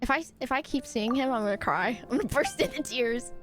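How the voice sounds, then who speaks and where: A woman streaming a game live, reacting excitably and breaking into shrieks and laughter. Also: a little high, brisk. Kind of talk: live gameplay stream commentary. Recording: game music playing behind. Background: game soundtrack.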